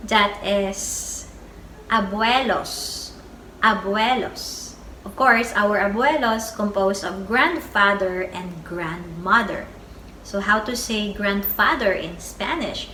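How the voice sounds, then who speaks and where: A woman teaching a beginner Spanish vocabulary lesson, saying each word twice in a slow, deliberate way. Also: mid-range voice, pushed and bright. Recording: echoey room with faint background noise.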